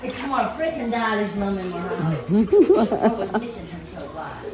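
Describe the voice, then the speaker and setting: A woman's voice: mid-range voice, animated, unhurried. A woman complaining and swearing casually in conversation. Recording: echoey room, voice far from mic.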